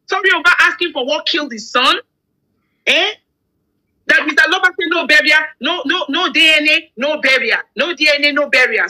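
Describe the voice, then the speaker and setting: Indignant Nigerian woman, high bright voice. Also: poor audio. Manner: indignant, rhetorical questions. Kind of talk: heated opinion chat.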